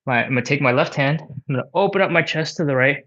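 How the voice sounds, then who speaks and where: A man's voice: on the high side, quick pace, a bit bright. Guy leading a home stretch stream, out of breath, rambly, counting reps, kinda muffled sound. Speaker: stretching instructor. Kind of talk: live-streamed workout instruction.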